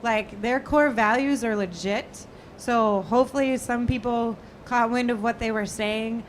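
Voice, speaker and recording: A woman's voice: a little high, unhurried, a little hiss or hum. A woman guest on a trade show panel, speaking in an earnest, enthusiastic way. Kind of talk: casual panel chat. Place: trade show lounge studio.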